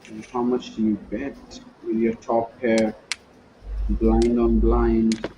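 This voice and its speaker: A man's voice: on the low side, completely flat delivery, slow pace, dark tone, highs cut off, slight background noise. A man calling a live poker broadcast, mixing play-by-play with playful banter. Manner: playful, joking banter between hands. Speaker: poker commentator. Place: commentary booth at a poker event.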